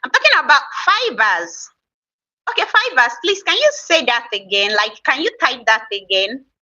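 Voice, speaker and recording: A woman's voice: sits high, sing-song, normal speed, pushed and bright, distant mic. A woman with a Nigerian accent hosting a casual live stream, chatting with viewers and teasing them as she reads their comments aloud. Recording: slightly dull lo-fi stream audio.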